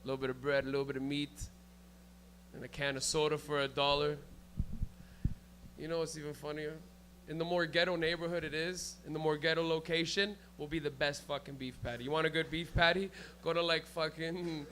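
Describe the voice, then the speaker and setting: A young man does loose, profane live stand-up before a club audience, riffing with them and chuckling at his own bits. He talks fairly quickly in a high-leaning, pushed, bright voice, and a slight hiss or hum sits in the recording.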